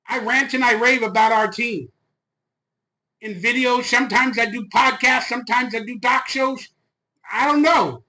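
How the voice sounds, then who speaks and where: A man hosting a fan channel, ranting loud, fired-up and profane on a live stream into a phone. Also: very high-pitched, low-quality recording.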